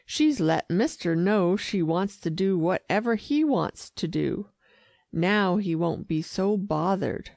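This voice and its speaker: A woman's voice: lowish voice, takes it slowly, gravelly, darkish tone, dry recording. A woman doing a chatty, folksy old dog. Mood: gossipy. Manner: gossipy, folksy talk. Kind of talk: audiobook reading.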